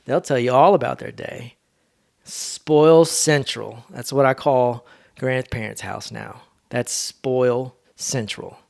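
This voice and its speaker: A man hosting a solo podcast, talking in a rambling, laid-back, slangy way. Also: mid-range voice. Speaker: podcast host. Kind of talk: casual solo monologue.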